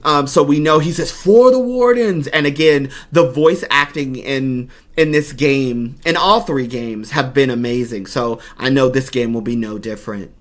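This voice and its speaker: A man giving an excited, gushing reaction commentary on a game trailer as a YouTuber. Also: medium pitch, normal speed, hardly any pauses. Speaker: gaming YouTuber.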